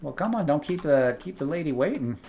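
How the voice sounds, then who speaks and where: A man's voice: on the high side, expressive, fairly quick, vocal fry, a little mellow, slight background noise. A man streaming a video game, commenting casually in a chatty, wry way and exclaiming at the action. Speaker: gaming streamer. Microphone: headset earpiece.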